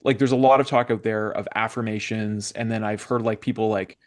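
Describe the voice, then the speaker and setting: On his spiritual podcast, a young man from Canada chats through a casual interview, rambling through stories with plenty of restarts and filler words. He talks briskly in a steady voice on the low side.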